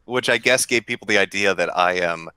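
Man, lowish bright voice, sarcastic crude stream host, dry sound. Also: fairly quick, clean tone, dry recording, rough recording. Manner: crude, sarcastic, deadpan jokes. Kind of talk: casual livestream chat. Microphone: desk mic with mechanical buzz.

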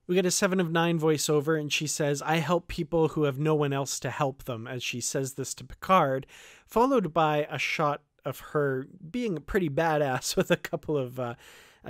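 Chatty man, fairly high voice. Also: no echo, studio quality. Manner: conversational, thinking aloud with frequent fillers and restarts. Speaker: fan channel host. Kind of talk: casual shot-by-shot trailer commentary.

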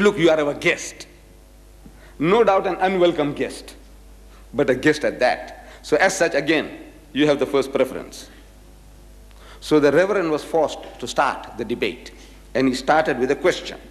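A man's voice: a little high, lively intonation, normal speed, pauses often, long reverb tail. An older man giving a religious lecture to an audience, telling anecdotes and acting out the voices of the people in them. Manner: storytelling, acting out quoted voices.

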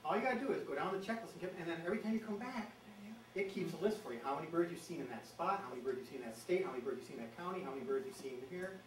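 A man with a bright, high voice gives an enthusiastic, jokey presentation on birds, imitating calls as he goes. He is heard from across a roomy, echoey meeting hall, with a faint hiss under the recording. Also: lively intonation, very fast. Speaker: bird expert giving a presentation. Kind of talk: lively public talk. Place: meeting room with an audience. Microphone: distant from the microphone. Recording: echoey room from far off.

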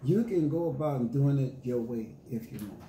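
Medium-pitched and mellow, this pastor preaches expressively at a moderate pace, with slight background noise. His sermon, recorded in an echoey church with faint ambience, combines scripture reading and call-and-response with emphatic paraphrase in casual slang.

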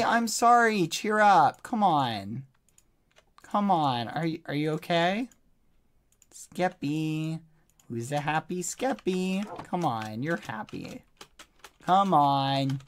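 A man chats through a live game stream, pleading and apologizing with sudden exclamations. His voice moves very freely up and down in pitch. He talks at a slow, unhurried pace. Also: fairly bright tone. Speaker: gaming streamer. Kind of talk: live-streamed gameplay chat.

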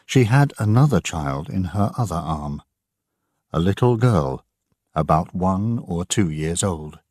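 A man narrating an audiobook for English learners, slow and clearly enunciated. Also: sits low, animated, darkish tone, no room sound, studio quality.

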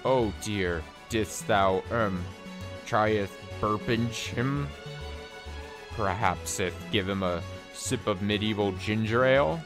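A man voicing a pompous male duke in theatrical, old-fashioned mock-Shakespearean speech. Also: fairly low pitch. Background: game music.

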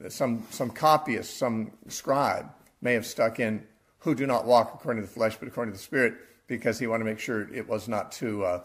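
A man's voice: on the low side, normal speed, breathy edge. A man giving an unscripted, verse-by-verse Bible teaching, explaining the text and correcting himself as he goes.

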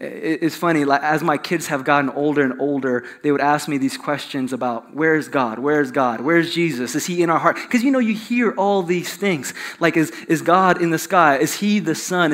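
A middle-aged male pastor preaching a sermon in church. His voice sits a little high, and he talks in a casual, chatty way, with many fillers and repeated words. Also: a bit bright.

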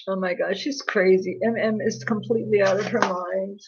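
A woman's voice: medium pitch, darkish tone. A woman hosting a casual livestream, chatting in a gossipy, laughing way and answering viewers' comments by name. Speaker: livestream host. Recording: dull lo-fi livestream audio.

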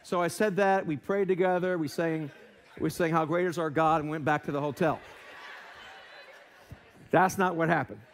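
A man's voice: a little high, steady tone, moderate pace, pauses often, a little hiss or hum. A male American pastor giving a sermon in a church, telling a self-deprecating story and acting out voices. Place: church sanctuary.

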